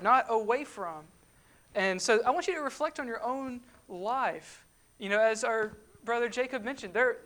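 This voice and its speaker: A woman's voice: medium pitch, fairly bright tone. Woman preaching in a conversational sermon. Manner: conversational preaching with rhetorical questions and emphatic asides.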